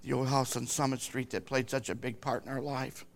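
An older man, a grandfather, rambling through a personal story with halting speech and frequent restarts. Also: mid-range voice, steady tone.

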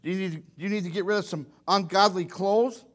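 A middle-aged preacher with a high voice for a man. He preaches in a folksy, animated way, acting out the voices of the people he talks about. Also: a little fast. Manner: folksy, animated, acts out quotes. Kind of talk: sermon.

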